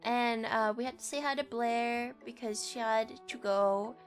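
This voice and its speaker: A woman's voice: on the high side, measured pace, faint music behind. A young woman streamer in a casual chat, rambling and giggly, full of slang.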